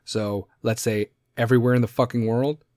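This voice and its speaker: A man's voice: medium pitch, flat delivery, moderate pace, a little mellow, no echo, clean studio sound. A man hosting a solo podcast, talking bluntly and sarcastically and swearing constantly. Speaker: podcast host. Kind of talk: profane solo podcast rant.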